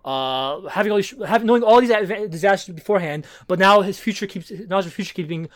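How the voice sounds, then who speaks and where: A man's voice: high-pitched, fast talker. A man recapping a comic book issue in a casual podcast chat, rambling with many fillers and restarts. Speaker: podcast co-host.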